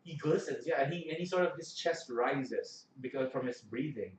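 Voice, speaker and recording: A man's voice: mid-range voice, lively intonation, moderate pace. A man running a tabletop game as game master, rambling and laughing as he narrates. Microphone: camera mic. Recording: roomy, distant camera mic with faint noise.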